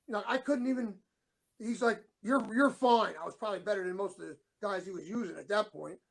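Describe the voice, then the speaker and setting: A middle-aged man with a high, gravelly voice, telling long rambling stories in a casual way. He acts out the other people's lines as he goes. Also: fairly quick. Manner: rambling anecdotes, acts out quoted dialogue. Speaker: show co-host, former wrestler. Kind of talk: casual storytelling.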